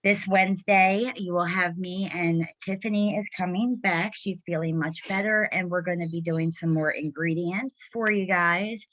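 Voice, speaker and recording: A middle-aged woman with a notably low voice hosts a casual chat over a video call, upbeat and encouraging. The sound is dry and close, with dull, lo-fi call audio. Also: steady tone, normal speed, few pauses, fairly bright tone, no room sound. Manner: encouraging, enthusiastic. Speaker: host.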